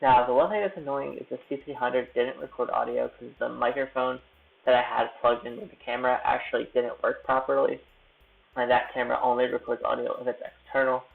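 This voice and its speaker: A man's voice: mid-range voice, flat delivery, a little fast, creaky. A young man chatting casually on his live stream from a hotel room, rambling and self-deprecating as he edits. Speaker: YouTube creator live-streaming. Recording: tinny phone-like audio.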